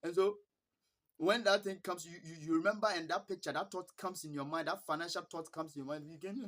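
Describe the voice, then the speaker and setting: A Ghanaian man vlogging in a casual storytelling style. He is animated and laughs between phrases. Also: a little high, a little fast, a little hiss or hum. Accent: Ghanaian English. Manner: earnest, blessing-filled sign-off.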